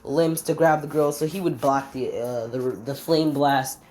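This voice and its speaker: A woman improvising a fan story out loud, rambling, stopping on fillers and forgetting names as she goes. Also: low-pitched, steady tone, a little slow, slight background noise.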